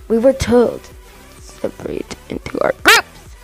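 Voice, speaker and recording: Young-sounding woman reading fan fiction aloud: very animated, high pitch, giggles and stumbles, chats between lines. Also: takes it slowly, soft background music. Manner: giggly, stumbles over words, chatty asides. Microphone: desk microphone.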